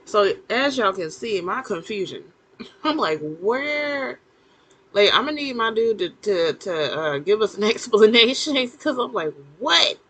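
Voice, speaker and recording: Husky woman, animated casual recap. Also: mid-range voice, normal speed, rough recording. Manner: animated and incredulous, with frequent fillers and laughs. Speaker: vlogger recapping a TV episode.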